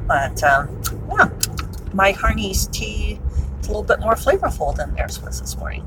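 A woman's voice: medium pitch, sing-song, normal speed, background noise. A middle-aged woman chatting casually while driving, wry and talkative with laughing asides. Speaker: author podcaster. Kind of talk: casual commute vlog. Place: in a car, driving.

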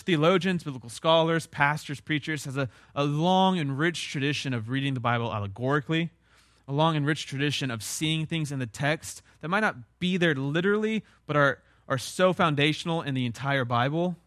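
A man's voice: on the high side, moderate pace, fairly bright tone, no room sound, clean studio sound. Conversational pastor, man. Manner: conversational, emphatic, explanatory. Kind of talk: sermon.

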